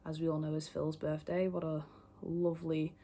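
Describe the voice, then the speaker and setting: A young fandom creator talks casually to camera, her rambling speech full of fillers and swearing. The voice is low-pitched and dark in tone, with little pitch movement, at normal speed.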